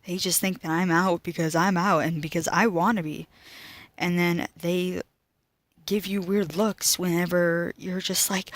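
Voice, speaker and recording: Teenage girl, emotional personal talk, halting, often whispered, slow, dry close mic. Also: lowish voice, steady tone, no echo. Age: teens. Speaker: student vlogger.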